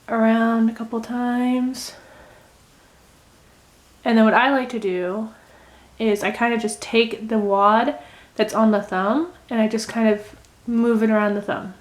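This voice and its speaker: A woman chatting casually in a how-to craft video, rambling gently and thinking aloud with many fillers. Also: on the high side. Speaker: crochet vlogger. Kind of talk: casual how-to chat while unraveling knitting.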